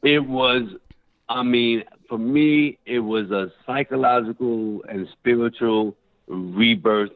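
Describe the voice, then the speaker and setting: Animated storytelling man on a tinny line. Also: medium pitch, takes it slowly, no room sound. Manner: animated, acts out quoted voices loudly. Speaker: actor guest. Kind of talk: casual interview storytelling.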